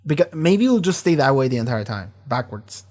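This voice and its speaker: A man hosting a casual reaction commentary on a TV episode, talking in an animated, profane, rambling way. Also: medium pitch, brisk. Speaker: show reaction host.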